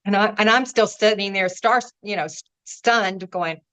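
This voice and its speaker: A woman's voice: medium pitch, normal speed, smooth. A woman guest on a podcast telling personal stories with feeling, acting out what people said and laughing between lines. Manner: warm, animated storyteller, acts out quoted voices, laughs between lines. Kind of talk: storytelling in an interview.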